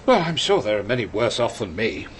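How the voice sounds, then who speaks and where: An actor playing a sardonic middle-aged writer, dry and pompous with long sarcastic sentences, in a radio comedy. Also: male voice, lowish voice, very animated, brisk, noisy background. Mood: wry.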